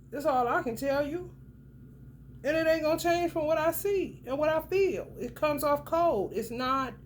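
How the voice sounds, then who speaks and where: A woman with a slightly high voice gives a casual tarot reading, talking straight to whoever is watching. She is blunt and cusses freely, leaning hard on her words for emphasis. Faint background noise sits under her voice. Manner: blunt, profane and emphatic, talks straight to the viewer. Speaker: tarot reader.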